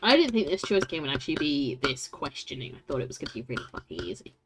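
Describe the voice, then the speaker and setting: A woman's voice: sits low, big pitch swings, quick pace. Woman, game streamer, chatty, laughs a lot, faint music behind. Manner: chatty, laughing, swearing, talks to chat. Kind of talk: casual game stream, reading aloud.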